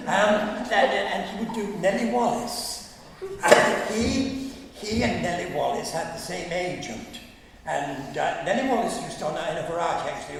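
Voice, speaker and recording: A man from England tells chuckling anecdotes, dropping into quoted and sung snatches as he goes. His voice sits fairly high and has a gravelly fry. He is heard from a distance in a hall with long, echoing reverb. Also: animated, measured pace. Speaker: guest speaker. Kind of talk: anecdotal talk. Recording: echoey hall, mic far off, faint hum.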